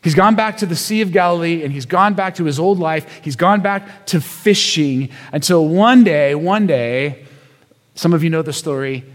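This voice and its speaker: High-voiced man preaching a sermon. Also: big-room sound. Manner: conversational storytelling, emphatic repetitions, rhetorical questions. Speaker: pastor.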